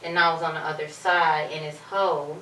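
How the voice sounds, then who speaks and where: A woman hosting a panel discussion, asking measured questions and offering brief affirmations. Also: deep voice, flat delivery, bright, forceful tone. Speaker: host, moderator. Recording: echoey room, distant mic, faint noise.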